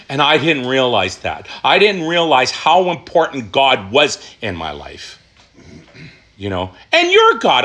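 High, lively man sharing his recovery story. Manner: animated, emphatic, repeats questions and answers. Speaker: recovery speaker. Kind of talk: personal testimony talk.

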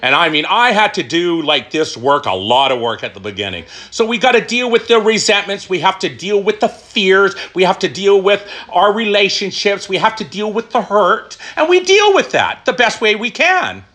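A middle-aged man telling his recovery story, emphatic and animated, asking questions and answering them himself. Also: high-pitched, moderate pace, hardly any pauses. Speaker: recovery speaker. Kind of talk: personal testimony talk.

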